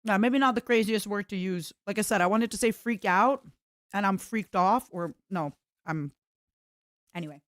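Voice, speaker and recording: A young adult woman streaming, chatting casually with her viewers and slipping into squeaky impressions of friends. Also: normal speed, no room sound, studio quality. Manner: animated, bursts into high-pitched imitations. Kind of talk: casual chat with chat readers.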